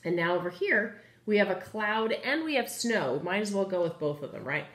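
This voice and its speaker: A woman's voice: medium pitch, expressive, normal speed, fairly bright tone, slight background noise. A woman teaching a children's phonics lesson, patient and encouraging, asking the class questions as she writes on the board. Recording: echoey room.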